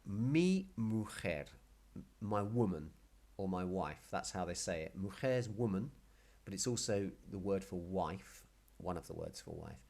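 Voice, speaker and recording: A man's voice: low voice, moderate pace, darkish tone. A man teaching a casual Spanish lesson, patiently explaining and repeating words. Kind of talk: casual video language lesson.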